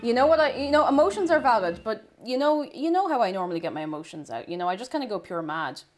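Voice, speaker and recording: A woman hosting a casual livestream, chatting excitably and thanking her viewers. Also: on the high side, fast, faint music behind. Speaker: livestream host.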